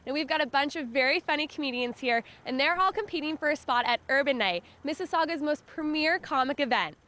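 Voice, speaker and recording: A woman's voice: high-pitched, expressive, brisk, bright, forceful tone. A woman presenting the open mic night in a bubbly, promotional tone. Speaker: event presenter. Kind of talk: promo intro to camera.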